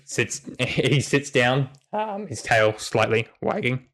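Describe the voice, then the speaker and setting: A man's voice: mid-range voice, very animated, slow pace, fairly bright tone. A man narrating as game master, rambling and restarting as he describes the scene. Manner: rambling, many fillers and restarts.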